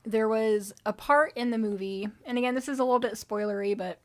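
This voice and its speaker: A woman's voice: on the high side, a little fast. Chatty, easily laughing female podcast co-host. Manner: chatty and reflective, laughs easily, uses many fillers. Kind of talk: casual conversational podcast chat.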